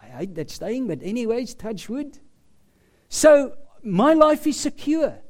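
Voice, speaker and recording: Slow, lively-pitched male preacher. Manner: slow, emphatic preaching with dramatic pauses. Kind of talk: sermon.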